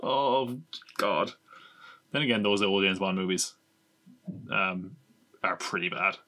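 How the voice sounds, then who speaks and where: A man's voice: deep voice, slow, pushed and bright. Sarcastic, rambling male podcast host. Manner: rambling, sarcastic, swears casually. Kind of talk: casual podcast chat.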